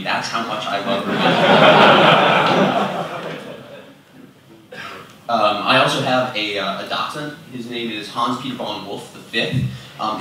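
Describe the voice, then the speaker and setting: A man's voice: on the low side, pushed and bright, recorded from a distance, a little hiss or hum. A young man giving a casual conference talk, chatty and self-deprecating, with lots of fillers, moving around away from a fixed microphone. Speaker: conference speaker. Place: large conference room. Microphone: fixed microphone, speaker moving around. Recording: roomy, from off-mic at times.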